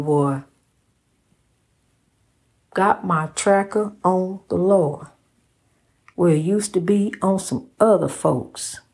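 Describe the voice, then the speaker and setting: Woman, preachy, repetitive, swooping pitch, impassioned motivational talk. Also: darkish tone, breathy edge. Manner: preachy, repeats phrases, calls listener honey. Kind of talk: impassioned faith-based pep talk.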